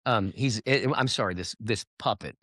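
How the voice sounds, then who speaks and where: Animated man telling stories, dry sound. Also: lowish voice, moderate pace, no room sound. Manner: animated storyteller, slips into character voices. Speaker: guest entertainer. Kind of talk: casual interview chat.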